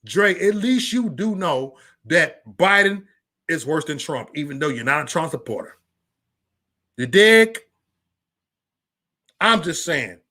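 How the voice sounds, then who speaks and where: A man ranting on a casual livestream, loud and profane, stammering and restarting, talking straight to viewers by name. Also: on the high side, sing-song, slow, pauses often. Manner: chats directly with viewers by name. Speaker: livestream vlogger.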